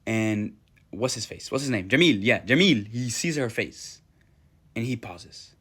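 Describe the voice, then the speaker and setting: A man's voice: fairly low pitch, a little slow, slightly rough. Slangy, chatty male storyteller. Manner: slangy, chatty, animated retelling. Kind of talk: casual storytelling.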